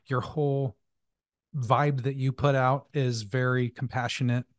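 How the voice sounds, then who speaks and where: A male podcast host speaking in a halting, reflective way, often repeating words as he thinks. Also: medium pitch, flat delivery, no room sound, studio quality. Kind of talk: casual interview chat.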